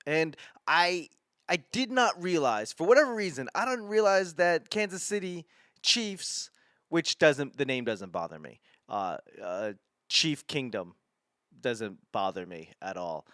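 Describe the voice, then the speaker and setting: A man in his thirties with a smooth, resonant voice tells a story in loose comic style. He swears freely and breaks off mid-sentence to restart it. The sound is close and dry, with no room around it. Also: fairly high pitch, lively intonation, unhurried, fairly bright tone, no room sound. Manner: rambling, profane, self-interrupting. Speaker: stand-up comedian hosting his podcast. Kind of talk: casual comedic storytelling.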